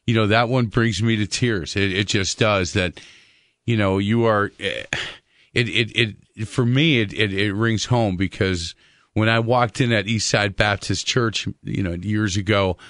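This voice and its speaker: A man's voice: lowish voice, a little slow, fairly bright tone, no echo, studio quality. A man hosting a Christian radio talk show, earnest, with many fillers and repeated words.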